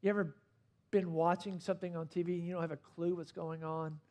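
A man delivers a sermon in a fairly high voice, pressing hard on key words and then dropping low and soft. His preaching rises and falls in intensity as he drives each point home. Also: flat delivery, brisk. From not from Australia. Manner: emphatic preaching with rising and falling intensity. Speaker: pastor.

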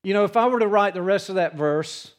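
A man preaching a sermon to his congregation in a church, earnest in tone and dropping his voice low for the quiet passages. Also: fairly quick. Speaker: pastor.

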